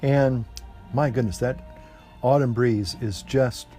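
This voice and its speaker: Folksy guy rambling to camera outside, lots of ums, soft music way in the back. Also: mid-range voice, fairly even intonation, takes it slowly. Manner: rambling, many fillers and restarts; folksy, says "y'all". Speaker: pipe-smoking vlogger. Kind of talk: relaxed casual chat to camera. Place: outdoors in an evening breeze, smoking a pipe. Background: classical music playing faintly.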